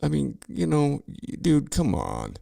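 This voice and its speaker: A man's voice: a little high, huge pitch swings, a little slow, gravelly, dark tone, no echo. A middle-aged man hosting a podcast, ranting and swearing sarcastically while reacting to news clips. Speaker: podcast host. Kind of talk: profane political commentary over news clips.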